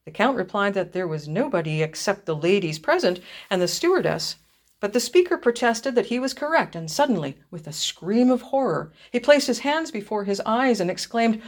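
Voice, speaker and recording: Woman reading an eerie ghost tale. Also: mid-range voice. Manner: measured, expressive storytelling. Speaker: reader. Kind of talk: reading a ghost story aloud.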